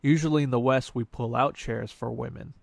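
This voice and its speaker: A man in a played video clip giving measured, disapproving commentary. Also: mid-range voice, steady tone, vocal fry, slight background noise.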